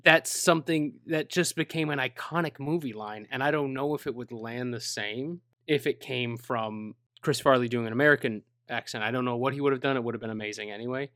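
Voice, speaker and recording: A man's voice: mid-range voice, brisk, hardly any pauses, pushed and bright, no room sound, studio quality. A man in a casual movie discussion, earnest and opinionated, talking in long stretches.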